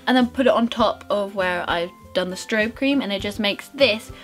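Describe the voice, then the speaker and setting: A woman's voice: medium pitch, normal speed, faint music behind. A young woman talking through her makeup routine in a bubbly, rambling, self-mocking way. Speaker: beauty vlogger. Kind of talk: casual makeup tutorial chat.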